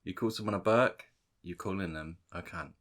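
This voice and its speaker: A man co-hosting a casual podcast, wry and quick to laugh. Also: deep voice, fairly bright tone. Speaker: podcast co-host. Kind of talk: casual banter with friends.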